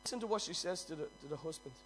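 High-voiced preacher, hushed to rousing. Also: male voice, animated, very fast, faint music behind, poor audio. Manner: swings from hushed storytelling to loud emphatic preaching. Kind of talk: sermon.

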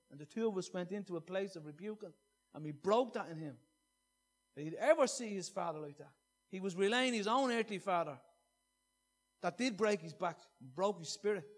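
High-voiced earnest male preacher. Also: husky. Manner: earnest, swinging between loud emphasis and soft hushed reading. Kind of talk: sermon.

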